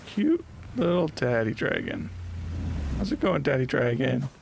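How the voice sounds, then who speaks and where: A man's voice: medium pitch, huge pitch swings, a little slow, gravelly, a little hiss or hum. A man streaming a game live, chatting casually and playfully while he plays, often laughing and teasing what happens on screen. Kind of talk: casual live gameplay commentary.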